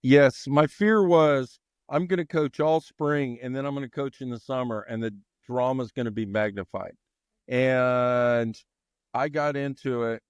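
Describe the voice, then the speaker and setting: A middle-aged man, a longtime baseball coach and teacher, telling stories with lively energy as a podcast guest. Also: mid-range voice, measured pace, clean tone, no room sound, clean studio sound. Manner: animated, energetic storyteller. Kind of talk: storytelling in a podcast interview.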